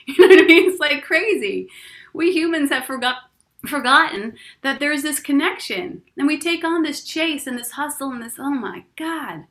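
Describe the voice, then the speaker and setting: Chatty woman teaching with a laugh. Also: mid-range voice. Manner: chatty and expressive, laughs often, asides to listener. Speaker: spiritual teacher leading a course. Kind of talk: casual teaching talk with personal stories.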